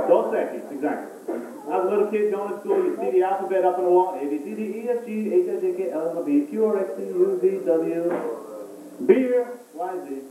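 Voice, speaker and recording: A man doing a stand-up comedy set in a small comedy club, with a hammy emcee delivery and drawn-out asides. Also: high-pitched. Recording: far-off, echoey club recording with hiss.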